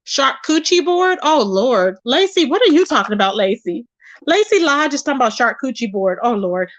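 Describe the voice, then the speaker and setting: High-pitched woman host, lively chatty stream talk, greets viewers warmly by name. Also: brisk, lo-fi sound. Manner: animated, chatty, calls viewers "child" and "baby". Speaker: livestream host reading chat. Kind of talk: casual chat.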